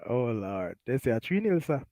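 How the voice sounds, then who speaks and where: With no room sound, a Jamaican man at medium pitch and moderate pace hosts a casual live stream as a talk show host. He reads chat comments aloud, laughing often, animated, his speech flavored with Patois.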